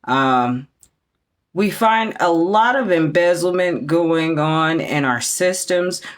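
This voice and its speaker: A speaker making a statement of claims, halting and searching for words. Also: mid-range voice, expressive. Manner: halting, with fillers and restarts.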